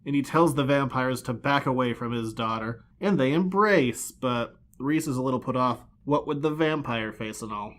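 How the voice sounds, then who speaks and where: A man co-hosting a podcast, recapping comics in casual chat with a dry, deadpan manner and acting out the characters' lines. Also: medium pitch, normal speed, few pauses. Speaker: podcast co-host.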